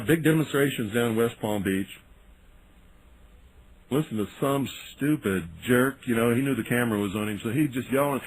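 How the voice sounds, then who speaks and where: A man's voice: mid-range voice, husky, poor audio. A man hosting a radio talk show, delivering an indignant, sarcastic monologue. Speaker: radio host.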